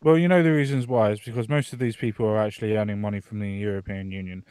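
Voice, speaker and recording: A man's voice: fairly low pitch, steady tone, fast talker, darkish tone, smooth, no room sound, studio quality. A man from Britain co-hosting a podcast, giving his opinions on politics in a casual, explaining way. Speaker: podcast co-host.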